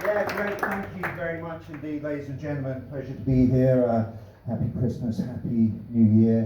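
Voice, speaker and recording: A man's voice: on the low side, slight background noise. A man doing a stand-up set of new material, delivering dry punning one-liners with offhand asides from a small club stage. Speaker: stand-up comedian. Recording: echoey room, distant, slightly dull.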